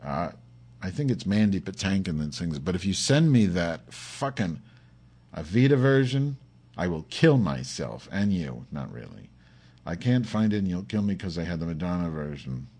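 A man with a somewhat low, husky voice hosts his own podcast from his home computer. He rambles with a camp, profane edge and nurses a headache. He jumps between grumbling asides and sudden excited outbursts. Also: a little slow, pauses often. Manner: profane, campy, rambling, swings from mutters to excited yelps. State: has a headache. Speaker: podcast host.

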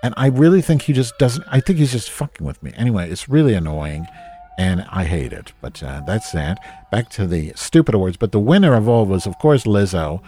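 A man's voice: sits low, big pitch swings, brisk, dark tone. A man from New Jersey hosting a casual ranting monologue, grumpy, sarcastic and full of swearing. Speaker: host.

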